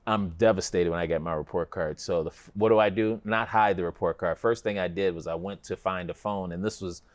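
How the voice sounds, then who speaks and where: A middle-aged man from Chicago, a guest telling a personal story in a relaxed conversational way, with animated, dramatic retelling. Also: deep voice, brisk.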